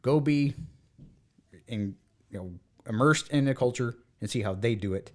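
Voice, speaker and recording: A man's voice: mid-range voice, normal speed. A man from the United States in casual podcast chat, telling stories animatedly and acting out the voices of the people in them. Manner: animated storyteller, acts out quoted voices. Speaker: podcast co-host.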